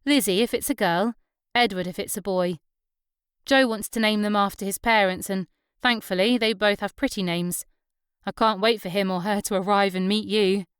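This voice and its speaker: A woman voicing Susan, a bold, chatty young local woman who talks in a brash, lively way. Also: medium pitch, normal speed, clear, resonant tone, no echo, studio quality, lightly acted.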